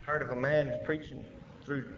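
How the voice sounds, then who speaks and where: A man preaching a sermon, swinging between loud emphatic rises and quiet drops, recorded lo-fi in an echoey church with faint hiss. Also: mid-range voice, steady tone, unhurried. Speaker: pastor.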